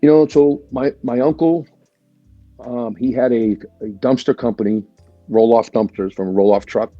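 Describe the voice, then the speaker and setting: A man's voice: mid-range voice, moderate pace, no echo, muffled recording, soft background music. A man, a guest in a casual interview, telling stories chattily with plenty of swearing and "right?" after each point. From Boston area, USA. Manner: chatty and animated, swears freely, leans on "right?" and "like". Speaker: guest, military veteran.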